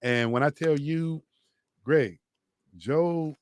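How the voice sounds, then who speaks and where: A man co-hosting a radio talk show, animated and hyping a sponsor with emphatic repetition. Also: fairly high pitch, takes it slowly, no room sound. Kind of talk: lively radio banter and live sponsor read. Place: radio studio.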